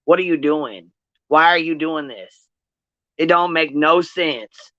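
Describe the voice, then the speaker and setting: Man, angry profane rant, vlog host, raised voice, smooth tone, dull lo-fi audio. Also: a little high, takes it slowly, no echo. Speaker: commentary channel host.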